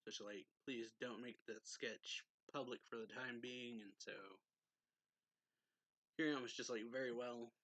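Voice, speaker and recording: A man's voice: medium pitch, fairly even intonation, unhurried, a bit bright, no room sound, low-quality recording. A man casually retelling the events of a manga chapter, reading out characters' lines loosely and filling in with many fillers. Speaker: manga reviewer.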